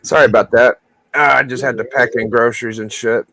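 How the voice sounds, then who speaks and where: A man's voice: medium pitch, fairly even intonation, brisk, creaky, fairly bright tone, dry recording. A man hosting a live stream, chatting casually and swearing a bit. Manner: laid-back, swears casually. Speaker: streamer host.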